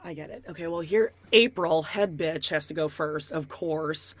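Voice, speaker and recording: A woman's voice: low-pitched, normal speed. A woman in her thirties co-hosting a podcast, chatting casually and sarcastically about a reality show. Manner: sarcastic, animated, mock-reading quotes. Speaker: podcast co-host.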